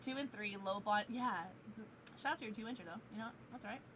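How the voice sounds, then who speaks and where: A woman streamer chatting casually while playing, giggly and chatty, quickly excited. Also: on the high side, noisy background. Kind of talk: casual gaming livestream chat.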